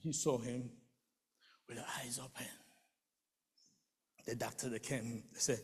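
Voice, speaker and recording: A man giving an emotional spoken testimony, telling the story with animated delivery and acting out quoted voices. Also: mid-range voice, a little slow, pauses often, big-room sound, a little hiss or hum.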